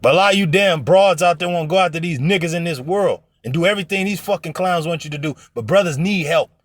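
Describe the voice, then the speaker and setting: Talking fast in a fairly high voice, this man preaches casually to people online, cursing bluntly and pressing his points hard as a religious teacher. He mimics others' voices as he tells stories, captured in clean studio sound with no room noise.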